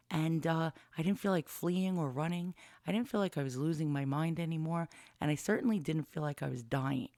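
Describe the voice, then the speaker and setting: A woman's voice: deep voice, vocal fry, a little mellow, no echo. A woman in her fifties telling a personal story in a candid, rambling way, with blunt swearing, into a studio mic with a pop filter. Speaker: vlogger.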